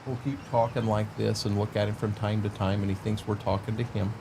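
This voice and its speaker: A man's voice: on the low side, little pitch movement, fairly quick, noisy background. A man chatting casually on a livestream while playing a farming game, rambling in a folksy way to his viewers and his dog.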